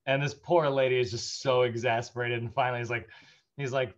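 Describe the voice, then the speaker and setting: A man of middle pitch lectures a fitness training class in a loose, chatty way, packing his talk with fillers and asides. He laughs his way through stories. The recording is slightly muffled and lo-fi. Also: steady tone, fast. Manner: chatty, anecdotal, many fillers, laughs while telling stories. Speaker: fitness instructor.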